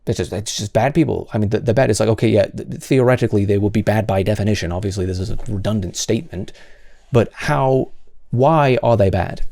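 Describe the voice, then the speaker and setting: A man's voice: on the low side, brisk, creaky, warm tone, dry recording, clean studio sound. A man hosting solo commentary, answering comments in an exasperated, sarcastic way with many stammered restarts.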